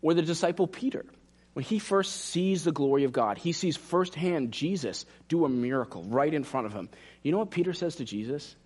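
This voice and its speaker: A man preaching a sermon, animated and direct, dropping to hushed asides for emphasis. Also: a little high, fairly quick, slightly rough. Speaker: pastor.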